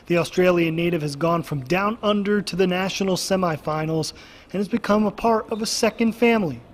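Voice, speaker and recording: A man's voice: sits high, fairly quick, a little hiss or hum. A man working as a sports anchor, chatting at the news desk and narrating a feature in an easygoing way.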